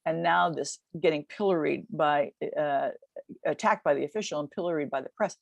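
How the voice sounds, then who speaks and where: A woman in her seventies, a podcast guest, retelling a past event in vivid, lively storytelling with quick restarts. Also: sits low, creaky, dry recording, muffled recording. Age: 70s. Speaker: guest recounting a race.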